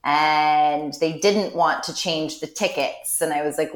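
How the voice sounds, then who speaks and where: A woman speaks slowly and deliberately in a lowish voice. Her delivery is dry, wry and blunt as she tells candid stories. The recording has a roomy echo around her. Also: fairly even intonation. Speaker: interview guest. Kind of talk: candid conversational storytelling.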